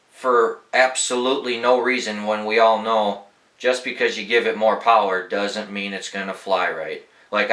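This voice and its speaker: A young man tells casual, rambling anecdotes, swearing freely in a relaxed way. His voice sounds bright and forward. The room around him is echoey. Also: fairly low pitch. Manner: laid-back, profane, rambling anecdotes. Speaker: podcast host. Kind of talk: casual storytelling.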